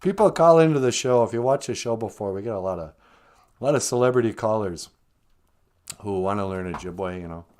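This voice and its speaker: A man's voice: animated, darkish tone, close to an everyday voice. A man voicing a chatty, teasing old Ojibwe grandmother with a Minnesotan accent, hosting a comedic live stream in a sing-song drawl. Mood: earnest. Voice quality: sing-song, swooping pitch, slow drawl.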